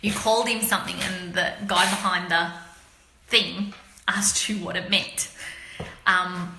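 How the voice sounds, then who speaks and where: Bright-voiced Australian woman chatting live. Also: fairly low pitch, fairly even intonation, unhurried, pauses often, a little hiss or hum. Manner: chatty, rambling, slangy, addresses viewers by name. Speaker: livestream host chatting with viewers. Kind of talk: casual live chat. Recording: roomy echo.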